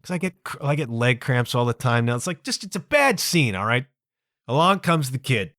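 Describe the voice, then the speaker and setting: Male podcast host, 50s, exasperated, self-mocking storyteller, animated delivery, dry sound. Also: medium pitch, moderate pace, dry recording. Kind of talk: comedic storytelling monologue.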